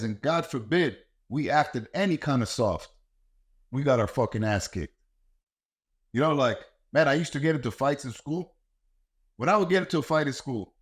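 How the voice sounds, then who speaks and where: A middle-aged man with a slightly rough, mid-range voice hosts a podcast and also coaches martial arts. He delivers a blunt, heated, profane rant about raising kids.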